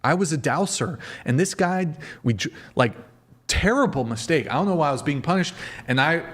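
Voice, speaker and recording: A man's voice: fairly high pitch, animated, fairly quick, fairly bright tone. A man hosting a podcast livestream, chatting casually, rambling and swearing as he talks straight to his viewers. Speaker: podcast host.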